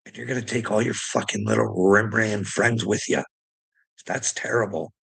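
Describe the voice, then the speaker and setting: Gravelly, husky man ranting. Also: on the low side, steady tone, moderate pace, fairly bright tone. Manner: profane, confrontational, laughs mid-rant. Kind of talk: ranting monologue to camera.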